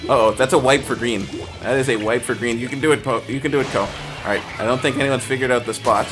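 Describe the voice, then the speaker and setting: A man casually hosting a game stream, reading chat aloud, trailing off and restarting, with bursts of excited play-by-play. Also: medium pitch, quick pace, soft background music. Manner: excited play-by-play shouting during action. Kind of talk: casual live-stream commentary.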